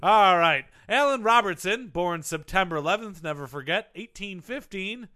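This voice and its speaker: A man co-hosting a comedy podcast, reading out trivia and cracking deadpan jokes. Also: high voice, normal speed. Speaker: co-host.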